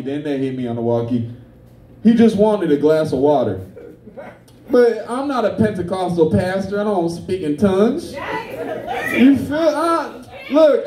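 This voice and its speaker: A man's voice: sits high, dark tone, echoey room, distant mic. A man doing a brash, profane stand-up comedy set, telling stories. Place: comedy club stage.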